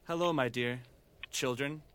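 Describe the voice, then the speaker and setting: Man voicing a humble poor father, earnest, soft, faint background hiss. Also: medium pitch, unhurried, natural voice. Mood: tender. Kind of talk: comedy audio parody.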